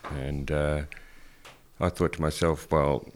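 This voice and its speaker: Very deep-voiced Australian man. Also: normal speed. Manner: relaxed, wry storytelling. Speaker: radio storyteller. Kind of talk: casual anecdote on radio.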